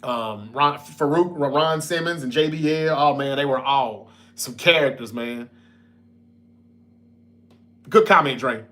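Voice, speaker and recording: Chatty Mississippi-accented man, bright voice. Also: mid-range voice, slow pace, long pauses. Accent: Southern US, Mississippi. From North Mississippi, US. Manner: loose, chatty, reads comments aloud and answers. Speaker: podcast host reading live chat. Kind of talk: casual live-stream sports chat. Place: home in Memphis, Tennessee.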